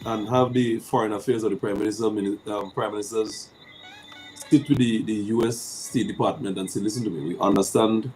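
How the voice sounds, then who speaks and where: A man's voice: fairly low pitch, steady tone, a little fast, a little mellow, faint music behind, poor audio. A man, co-hosting a call-in show, giving earnest, casual commentary.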